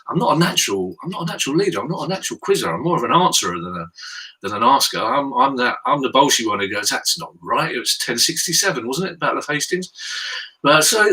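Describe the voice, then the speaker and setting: A man's voice: mid-range voice, bright, forceful tone, recorded from a distance, low-quality recording. A middle-aged man hosting a charity pub quiz from home, with dry self-mocking banter. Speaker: quiz host. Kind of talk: comic quizmaster patter.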